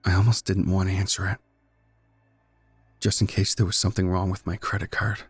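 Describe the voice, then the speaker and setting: A man narrating a first-person horror story in a measured, tense, brooding way. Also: sits low, little pitch movement, slightly rough, no room sound. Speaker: guest narrator.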